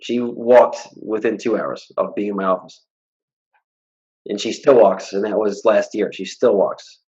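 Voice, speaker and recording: Man, blunt and animated, storytelling in an interview, muffled lo-fi sound. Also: lowish voice, measured pace. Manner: blunt, animated storyteller who acts out quoted dialogue. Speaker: hypnotist guest. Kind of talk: casual interview talk.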